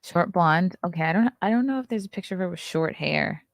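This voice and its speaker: A woman's voice: on the low side, expressive, fairly quick, vocal fry, no echo, clean studio sound. A woman, hosting a casual live stream, chatty and riffing, laughing often. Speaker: host.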